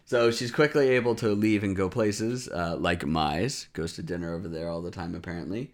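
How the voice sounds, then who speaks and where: A man co-hosting a casual podcast, recapping episodes and acting out characters in squeaky voices, laughing often. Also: moderate pace. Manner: animated, acts out lines in high squeaky voices, laughs often. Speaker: podcast co-host recapping an anime. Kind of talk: casual chat.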